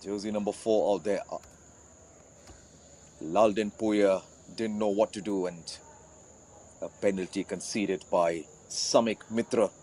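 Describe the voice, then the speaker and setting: Low-voiced male co-commentator. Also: steady tone, unhurried, pauses often, darkish tone, slight background noise. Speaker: football co-commentator. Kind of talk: live football commentary.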